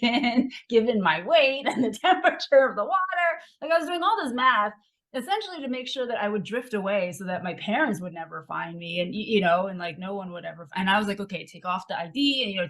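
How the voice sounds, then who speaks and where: A woman's voice: lowish voice, fairly bright tone. A young adult woman, a podcast guest, telling a candid and emotional personal story with many fillers.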